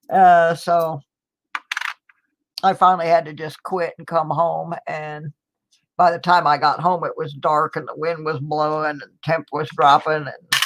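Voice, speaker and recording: Low, slow-talking woman vlogger. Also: a little hiss or hum. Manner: chatty and rambling, with small laughs. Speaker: coin roll hunting vlogger. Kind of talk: casual chat to viewers. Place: home, indoors.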